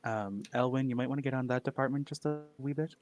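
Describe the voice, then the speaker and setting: A man joining a casual stream chat as a guest, throwing teasing, crude jokes at the host. His voice sits at an ordinary middle pitch. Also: fast talker.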